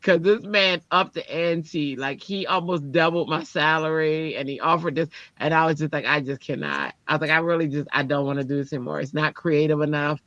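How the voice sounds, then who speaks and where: A woman's voice: a little fast, few pauses, no room sound, lo-fi sound. A woman, a teacher, telling a personal story in casual chat and acting out the people she quotes. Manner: animated, acts out quoted people with jumps in pitch.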